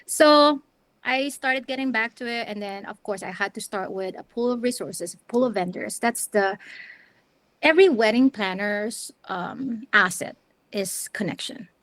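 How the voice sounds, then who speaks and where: A middle-aged woman from the Philippines, telling her story as an interview guest in a chatty, animated way with lots of restarts. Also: medium pitch, a little slow, no room sound. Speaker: interview guest, wedding planner and videographer.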